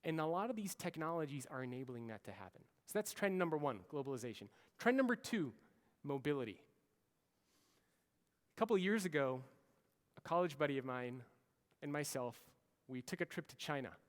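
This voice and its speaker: Speaking with a little high pitch, a bit fast and with frequent pauses, this thirtysomething keynote speaker from the United States tells stories and performs the orders he quotes with animation. The large conference hall adds a long reverb.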